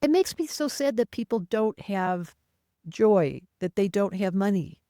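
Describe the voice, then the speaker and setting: An animated woman astrologer, chatting as an interview guest. She talks in emphatic, quick bursts at a middle pitch. The sound is dry and close. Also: no echo. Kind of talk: casual interview chat.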